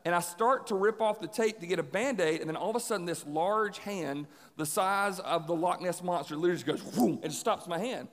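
A man preaching a sermon, an animated storyteller who acts out the voices of the people in his stories. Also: high-pitched, fairly quick, few pauses. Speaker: pastor. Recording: long hall reverb.

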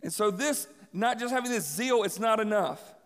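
A young adult man preaching a sermon in a casual, energetic way, repeating key lines for emphasis. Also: sits high, moderate pace. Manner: energetic, conversational, emphatic repetition. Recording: long hall reverb.

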